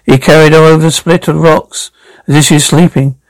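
A man's voice: fairly high pitch, flat delivery, moderate pace, dry recording, low-quality recording. A man reading a drama aloud, reading out the stage directions along with the lines.

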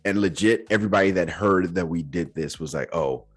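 Podcast host, male, low husky voice, earnest storyteller with casual slang. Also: a little fast, faint music behind. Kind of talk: personal storytelling.

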